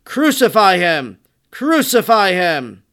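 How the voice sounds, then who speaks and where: A man reading the part of an angry mob, shouting in chanted, drawn-out bursts. The voice goes higher and louder than the narration and leans on each repeated word. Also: sing-song, exaggerated voice.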